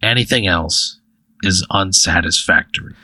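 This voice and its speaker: A man performs a cocky, slick spirit who leans on people for cash. His low, bright voice stays smooth and threatening. The sound is dry and close. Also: measured pace, dry recording, heavily acted. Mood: menacing. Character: slick, smug male spirit-like extortionist.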